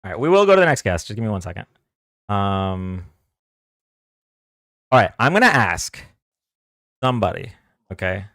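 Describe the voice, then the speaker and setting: A man's voice: lowish voice, sing-song, moderate pace, long pauses, fairly bright tone, no room sound, studio quality. A man hosting a live political debate stream, talking casually and hesitantly with many fillers and restarts.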